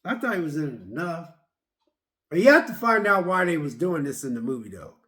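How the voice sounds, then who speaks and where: A man's voice: fairly high pitch, fairly quick. Rambling man reviewing a movie. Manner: rambling, animated retelling with many repeats and fillers.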